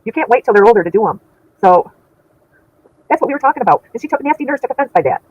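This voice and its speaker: Fast-talking indignant woman streamer. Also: a little high, animated, darkish tone, lo-fi sound. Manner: chatty, indignant, laughs often. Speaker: channel host reading chat. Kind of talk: casual livestream chat.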